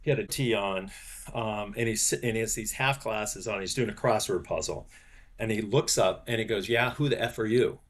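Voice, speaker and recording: A man in his sixties, a sports business executive, telling stories as a podcast guest, animated and full of fillers and restarts. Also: fairly low pitch, moderate pace. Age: 60s. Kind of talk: podcast interview, anecdote telling.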